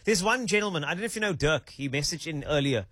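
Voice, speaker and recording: A man's voice: on the high side, expressive, fast talker, a bit bright, no room sound. A South African man hosting a radio talk show, chatty and playful in a studio. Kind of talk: casual radio chat.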